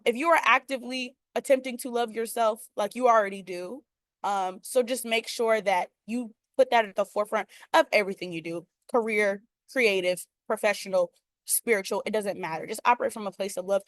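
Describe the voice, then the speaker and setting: A young woman talks candidly on a panel over a video call, her voice at an ordinary middle pitch. She laughs easily and pads her thoughts with "like" and "um". The sound is dry and close, with no room echo. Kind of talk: casual panel conversation.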